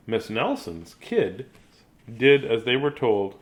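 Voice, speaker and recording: A man's voice: mid-range voice, very animated, slow. A man in his fifties reading a children's book aloud live, chatting and joking between pages. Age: 50s. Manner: chatty, jokey, digressive. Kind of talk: casual live read-aloud.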